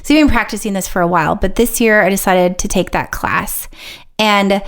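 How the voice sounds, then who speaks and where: A woman co-hosting a podcast in casual chat, animated and emotional, laughing as she talks. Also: medium pitch, moderate pace. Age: young adult or middle-aged, a mother. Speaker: podcast co-host.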